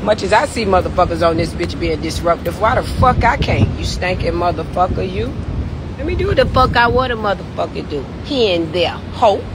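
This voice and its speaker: A woman's voice: fairly low pitch, lively intonation, a little fast, noisy background. A woman ranting profanely and confrontationally on a late-night phone livestream. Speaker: social media personality.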